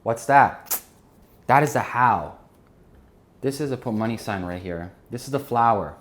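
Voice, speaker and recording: A man giving an energetic business lesson while drawing on a board, often checking in with his listeners. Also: mid-range voice, measured pace. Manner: energetic, keeps checking in with "right?" and "okay?". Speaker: business instructor.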